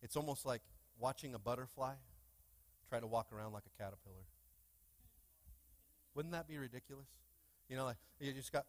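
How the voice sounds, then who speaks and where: A man's voice: medium pitch, fairly quick, long pauses, no echo. A male pastor preaching a sermon in a church, with call-and-response questions to the congregation and fervent bursts. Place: church sanctuary.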